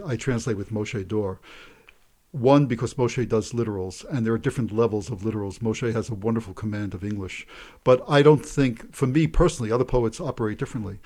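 A man's voice: mid-range voice, darkish tone. A man, a poet and translator, talking through his translation work and introducing a poem, with stammered restarts. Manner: thoughtful, hesitant restarts. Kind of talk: interview and poetry reading.

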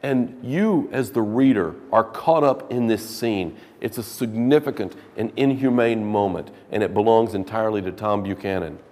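A man with a low voice lectures to a literature class in a classroom. He talks casually, then throws dramatic emphasis into the passages he reads aloud. His voice rings on in a long, reverberant echo. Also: moderate pace, few pauses, a little mellow. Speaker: literature teacher.

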